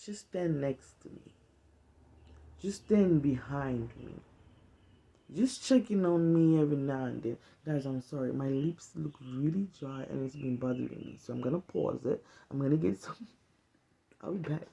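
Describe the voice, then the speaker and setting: Woman vlogger, heartfelt, emphatic, raspy fry, mellow tone. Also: extremely low pitch, moderate pace. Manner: earnest, conversational, emphatic. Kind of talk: casual heartfelt monologue to camera.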